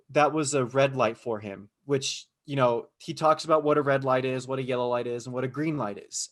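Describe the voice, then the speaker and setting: A man co-hosting a podcast in casual chat, rambling through a story with many restarts and "you know"s. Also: mid-range voice. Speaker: podcast co-host.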